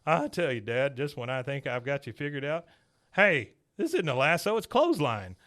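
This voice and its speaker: A man's voice: medium pitch, big pitch swings, moderate pace, fairly bright tone. A man quoting a flustered middle-aged Texan son in a slightly raised, pleading voice while recapping a cartoon.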